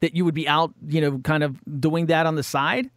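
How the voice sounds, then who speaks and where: Curious interviewing man, slightly high. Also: steady tone, fairly quick, a bit bright, dry recording, studio quality. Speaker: host. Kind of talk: casual interview.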